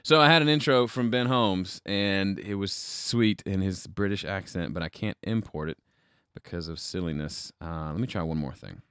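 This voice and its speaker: A man with a very low, smooth voice hosts a casual livestream from his home studio. He thinks aloud as he works, rambling and poking fun at himself. The sound is dry and close. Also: normal speed, a bit bright, no echo. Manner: rambling, self-deprecating, thinks aloud while troubleshooting. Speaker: livestream host.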